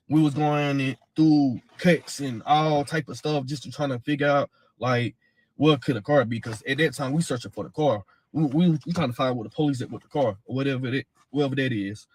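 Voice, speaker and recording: A man's voice: medium pitch, moderate pace, darkish tone. A man telling his own account in a blunt, heated way, swearing and repeating himself. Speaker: father of a missing woman's child. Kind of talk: casual first-person account.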